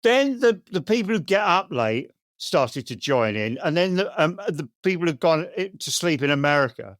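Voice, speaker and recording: English guy ranting on a podcast, high voice that jumps all over, dry close mic. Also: big pitch swings, moderate pace, a bit bright, no room sound. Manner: grumbling, sweary, mocking. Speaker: podcast co-host. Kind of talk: casual comedic chat.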